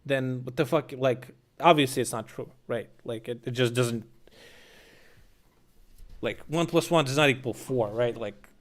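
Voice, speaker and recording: A man's voice: mid-range voice, measured pace. A young man ranting sarcastically and with lots of swearing while commenting on a live stream.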